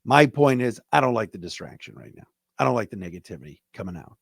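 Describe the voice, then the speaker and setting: A man's voice: on the low side, very animated, fast, vocal fry, breathy edge, dry recording. A man hosting a solo sports podcast, giving blunt, emphatic opinions in casual commentary. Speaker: podcast host.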